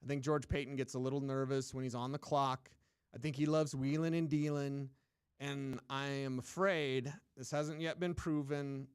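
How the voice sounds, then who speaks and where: A man's voice: mid-range voice, clear, resonant tone, no room sound, clean studio sound. A man hosting a sports radio show, giving emphatic, opinionated talk and mocking people in put-on voices. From United States. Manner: emphatic, repetitive, mocking mimicry.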